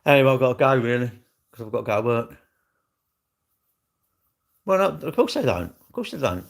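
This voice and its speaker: An older man hosts his own livestream, chatting casually but bluntly and argumentatively, swearing freely and taking on his commenters directly. His voice is mid-range and gravelly, a little fast, with big swings in pitch.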